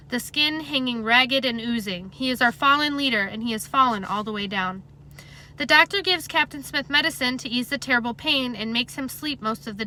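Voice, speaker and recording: A woman reading a novel aloud in a plain, steady, conversational way. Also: on the high side, a little hiss or hum, poor audio. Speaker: reader.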